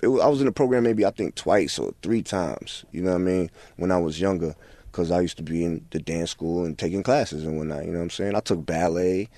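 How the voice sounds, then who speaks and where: Deep and dark, the voice of a rapper in his forties comes through a little fast with no room sound. He's a guest in a casual interview, keeping things laid-back and peppering his talk with "you know what I'm saying."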